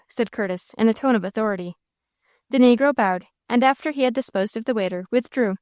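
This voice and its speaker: Woman, audiobook narrator, steady clear reading, fairly high voice, dry close recording. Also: brisk, dry recording. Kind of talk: scripted narration.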